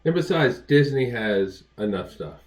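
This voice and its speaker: A man's voice: mid-range voice, expressive, unhurried, a crowd in the background. A man co-hosting a casual podcast chat, throwing in dry joking asides. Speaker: podcast co-host. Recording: dull lo-fi stream recording.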